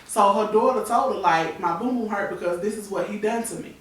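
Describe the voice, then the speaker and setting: A woman's voice: mid-range voice, a little fast. A woman in her thirties tells a painful personal story with candor, slipping into the voices of the people she quotes. Her voice rings around a strongly echoing room. She sits well back from the microphone. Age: 30s. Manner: candid, tearful retelling with acted-out quotes. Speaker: guest. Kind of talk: emotional personal storytelling on a talk show. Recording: echoey room, voice from far off the mic.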